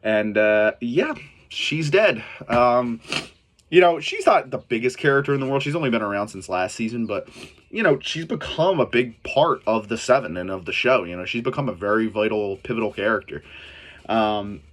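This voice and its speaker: A man's voice: medium pitch, expressive, normal speed. A young adult man giving a casual, rambling episode review, full of fillers, self-corrections and swearing. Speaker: TV show reviewer.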